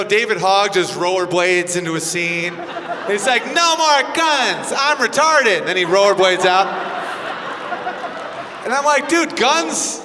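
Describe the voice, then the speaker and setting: A man performing a crude, animated stand-up set in a comedy club and trading remarks with the crowd. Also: high voice. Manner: brash, crude, animated storytelling. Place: comedy club stage before a live audience. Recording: live club recording with hall reverb and crowd noise.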